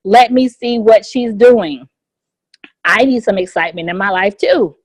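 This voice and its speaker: A woman leading a motivational business training session on a conference call, energetic and repeating her key phrases for emphasis. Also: mid-range voice, a little slow, no room sound. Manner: energetic and repetitive, hammers home key phrases. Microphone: phone conference line.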